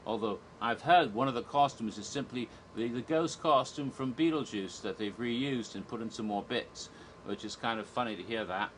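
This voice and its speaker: A man's voice: medium pitch, moderate pace, a little hiss or hum, low-quality recording. A man giving a casual spoken review, chatty and rambling, with restarts and little chuckles. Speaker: theme park reviewer.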